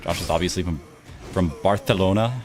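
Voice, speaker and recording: A man's voice: sits low, a little fast, over music. A man with a Texan accent, chatting casually with viewers while streaming a game, laid-back and talkative. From Texas. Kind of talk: casual chat while gaming and reading chat.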